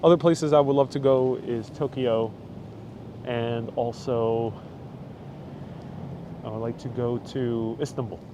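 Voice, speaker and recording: A man's voice: mid-range voice, steady tone, takes it slowly, long pauses, noisy background. A man hosting a live walking tour stream, chatting in a rambling way and reading out viewer comments as he walks. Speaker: host. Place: outdoors on a city street. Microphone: wireless lapel mic.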